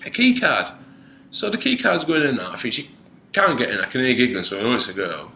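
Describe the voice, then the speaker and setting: Guy on a podcast telling a wild story, really lively, bright voice, bit of room echo. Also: medium pitch, a little fast, vocal fry. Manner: animated storyteller acting out other people's voices. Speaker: podcast co-host. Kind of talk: casual storytelling chat. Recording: echoey room with faint noise.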